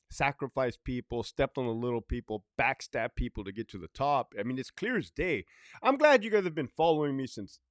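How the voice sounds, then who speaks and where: A former prison officer tells a casual story in monologue, ranting bluntly with plenty of swearing and repetition. His pitch swings up and down a lot, and the recording sounds dry and close.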